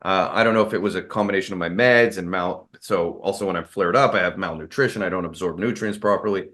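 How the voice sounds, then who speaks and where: With a low, slightly bright voice and a quick pace, the martial arts expert rambles through stories on an interview show. He speaks candidly, filling gaps with fillers and restarting often.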